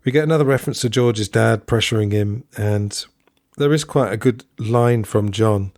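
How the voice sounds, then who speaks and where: This male podcast host talks through a film review by himself at a normal speed, his voice on the low side and a little mellow. The studio sound is clean with no room sound, and his commentary is musing, digressive and full of asides.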